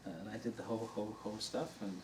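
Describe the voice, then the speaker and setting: A man's voice: lowish voice, steady tone, normal speed. Older man telling a story from a distance. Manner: warm anecdotal storytelling, laughing at his own story. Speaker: dharma teacher. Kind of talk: storytelling talk to an audience. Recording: distant mic in a room with faint noise.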